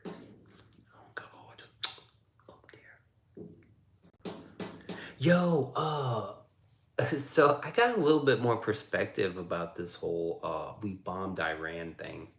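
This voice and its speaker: A man's voice: sits low, takes it slowly. A man casually chatting on a livestream, reading viewer comments aloud and joking with plenty of profanity. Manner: loose, joking, profane, reads chat aloud. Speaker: livestream host reading chat. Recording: roomy echoey sound.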